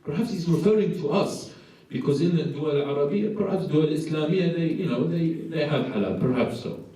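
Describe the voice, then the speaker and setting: A man's voice: fairly high pitch, fairly quick, dark tone. A man gives a religious lecture, asking rhetorical questions and acting out voices. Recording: echoey hall from far off.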